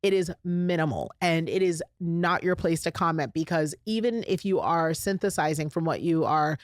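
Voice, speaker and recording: A woman's voice: low-pitched, normal speed, dry recording, studio quality. A middle-aged woman hosting a podcast, talking casually and emphatically to her listeners in a chatty way. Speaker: podcast host. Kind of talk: casual solo podcast talk.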